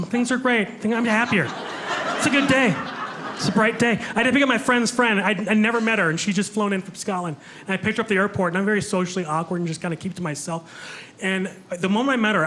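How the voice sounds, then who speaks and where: A man's voice: high voice, a bit bright, slight background noise. A man doing a stand-up comedy set, chatting with the crowd and joking about himself. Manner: self-deprecating, chatty with the crowd. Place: comedy club stage with a live audience. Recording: live room with audible crowd ambience.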